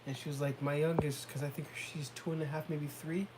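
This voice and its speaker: A man co-hosting a casual talk show, telling relaxed stories about his sons and mimicking them. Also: fairly high pitch, fairly quick, background noise. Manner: relaxed storytelling, laughs often, mimics kids and parents. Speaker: podcast co-host. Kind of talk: casual chat.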